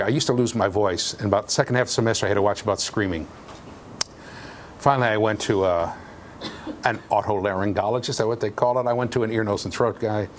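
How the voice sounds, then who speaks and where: A man giving a university lecture in an animated, jokey way, with sudden loud outbursts. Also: on the low side, fast, slight background noise. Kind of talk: classroom lecture. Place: lecture hall.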